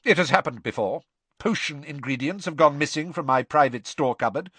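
A man voicing a cold, sneering male potions master who speaks softly and dangerously, with a hiss. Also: fairly high pitch, a little fast, breathy edge, dry recording, voice pushed up. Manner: cold, soft and dangerous, hissing.

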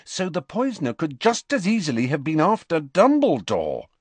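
Ginny, sharp young girl by a man. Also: fairly high pitch, huge pitch swings, normal speed, husky, no room sound, pitched above the performer's own voice, heavily acted. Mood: insistent. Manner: pointed, reminding.

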